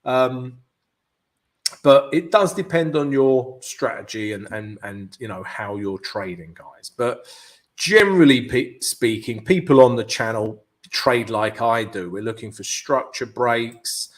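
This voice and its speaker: A man hosts a live market analysis stream, thinking out loud over the charts. His pitch swings widely, bouncing up and down through each phrase around a middle register. He keeps tagging lines with "yeah?" and "guys", restarting phrases as he goes. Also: animated, measured pace. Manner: peppers talk with "yeah" and "guys" tag questions. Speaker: forex trading channel host.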